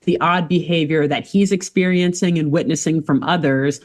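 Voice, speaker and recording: A woman co-hosting a podcast, retelling a cartoon plot in casual chat, animated and jokey, laughing often. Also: low voice, normal speed. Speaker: podcast co-host recapping a cartoon.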